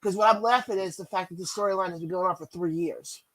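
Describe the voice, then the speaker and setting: A man co-hosting a casual wrestling podcast, with a high, bright voice. He talks directly to his listeners in an easy, chatty way. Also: quick pace, rough recording. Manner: chatty, addresses listeners as folks. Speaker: podcast co-host.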